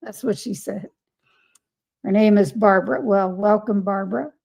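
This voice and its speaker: A woman's voice: mid-range voice, normal speed, vocal fry, darkish tone. A woman hosting a casual live stream, greeting viewers by name and reading their chat comments aloud with frequent laughter.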